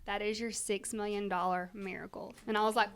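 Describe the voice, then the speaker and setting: A woman from Louisiana with a Cajun accent, a mother telling her story to the hosts in a casual interview, emphatic and animated. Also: mid-range voice, a little fast, clear, resonant tone. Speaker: guest, mother.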